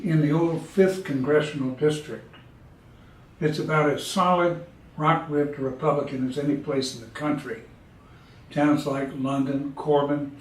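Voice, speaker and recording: A man, telling folksy jokes in a relaxed, drawling way. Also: on the high side, recorded from a distance. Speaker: storyteller. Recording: echoey room, speaker away from mic.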